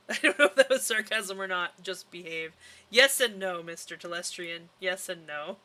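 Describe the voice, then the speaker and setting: A male streamer chatting his way through a game live, laughing often and drifting off into the game's lore. His voice is bright and forward. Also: sits high, expressive, a little slow, pauses often. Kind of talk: casual live gameplay commentary.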